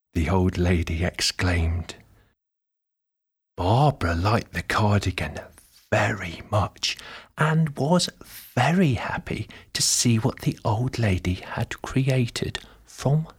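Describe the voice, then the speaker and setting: Slow, breathy man telling a bedtime story. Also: fairly low pitch. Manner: gentle, drawn-out, with soft whispered asides.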